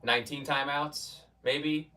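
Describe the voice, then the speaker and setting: A man's voice: fairly high pitch, fairly even intonation, takes it slowly, sharp tone, recorded from a distance. A man streaming from a basement gym, chatting loosely with his viewers and often restarting his sentences. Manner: rambling, restarts, mock-quotes chatters. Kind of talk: casual chat with stream viewers.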